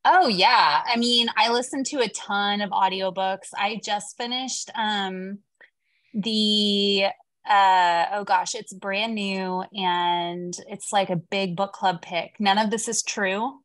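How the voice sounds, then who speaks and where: Woman, middle-aged, from Texas, guest author, chatty, rambling, medium pitch. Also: takes it slowly, no echo. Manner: chatty, animated, rambling with fillers. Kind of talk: casual video-call interview.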